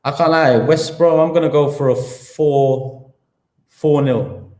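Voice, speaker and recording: A man's voice: on the high side, takes it slowly, a little mellow. A man with a London accent hosting a live football talk show, slangy and heated as he piles up his points. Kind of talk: live-stream football rant. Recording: echoey room.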